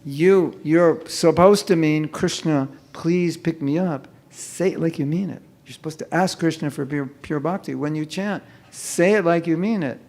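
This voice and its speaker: A man's voice: a little high, moderate pace, gravelly, few pauses, a little mellow. A man leading a live chanting workshop for an audience, joking often and mimicking careless mumbled chanting to make his point. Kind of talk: humorous live workshop talk. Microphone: microphone.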